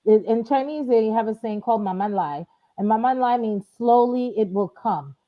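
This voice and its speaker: New lady tutor chatting on a podcast, animated, kinda muffled lo-fi audio. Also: a little fast. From New York. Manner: animated, acts out quoted speech in a higher voice. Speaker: Chinese tutor, guest. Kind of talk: casual interview chat. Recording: dull lo-fi audio.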